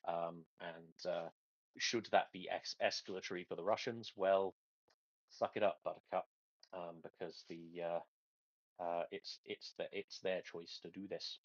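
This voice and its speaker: A man hosting a casual online chat, joking with dry sarcasm and halting restarts, heard over a dull lo-fi call. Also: sits low, fairly even intonation, no room sound. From England. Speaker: podcast host.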